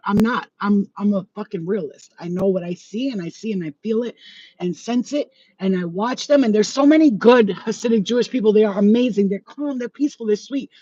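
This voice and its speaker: A psychic medium walks around her residential neighborhood outdoors, ranting bluntly into a handheld phone and swearing plenty in this vlog. Her mid-range voice runs a little fast, with a dark, breathy tone. The recording is dry, and the highs are cut off.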